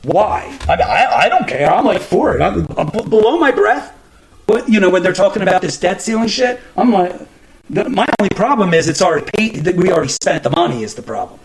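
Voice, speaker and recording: A man with a high, lively voice vents about current events on his own show. His pitch leaps around as he swears in exasperation. He often trips over words and starts his sentences again. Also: a little fast, a little hiss or hum, low-quality recording. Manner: profane, exasperated, stumbling restarts. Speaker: podcast host. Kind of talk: casual ranting commentary.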